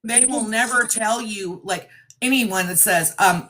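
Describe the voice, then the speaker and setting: A woman's voice: medium pitch, measured pace, pushed and bright. A woman who works as a psychic medium, talking bluntly and with feeling in a podcast interview, now and then swearing and acting out the people she quotes.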